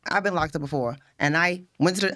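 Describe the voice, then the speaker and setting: A woman co-hosts a casual podcast and speaks frankly and bluntly. She talks at a brisk, rapid clip. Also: sits low, fairly bright tone. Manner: fast, frank, outspoken. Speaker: podcast co-host.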